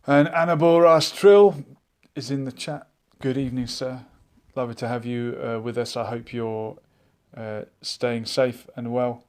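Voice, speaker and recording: A man hosting a live online chat show, musing out loud and reading viewers' comments aloud in a casual, thinking-aloud way. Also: medium pitch, steady tone, unhurried, few pauses, smooth. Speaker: livestream chat host.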